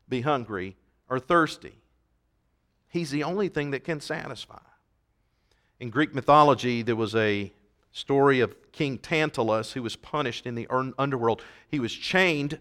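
A man preaching a sermon to a church congregation, earnest and emphatic, swinging from soft passages to loud appeals. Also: mid-range voice. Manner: reads scripture in King James wording. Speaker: pastor. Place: church service.

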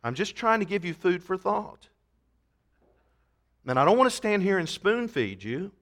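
A man's voice: sits high, big pitch swings, normal speed, a bit bright. A man preaching a sermon in church, emphatic, reading scripture aloud and playing with wordplay. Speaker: pastor.

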